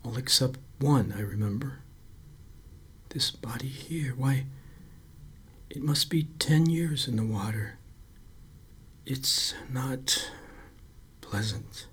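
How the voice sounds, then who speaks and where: A man voicing a weary, shaken middle-aged lifeguard who speaks in a halting, half-whispered hush, as in a read-aloud story. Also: medium pitch, slightly rough.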